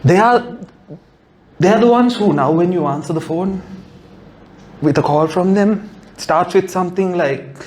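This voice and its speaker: A man's voice: high-pitched, normal speed, long pauses, a little mellow. A male stand-up comedian, sardonic and swearing freely during a set before a live audience.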